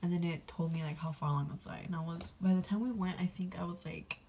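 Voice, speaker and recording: A woman's voice: fairly low pitch, fairly even intonation, fast talker, creaky, dark tone, slight background noise. A young woman vlogger casually telling a personal story, rambling with lots of fillers and getting emotional. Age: young adult.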